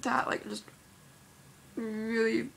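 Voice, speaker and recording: A woman's voice: a little high, little pitch movement, takes it slowly, vocal fry, fairly bright tone, a little hiss or hum. A seventeen-year-old girl chatting casually in a vlog, rambling and filling her speech with "like", sounding worried and unsure. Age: teens. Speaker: vlogger.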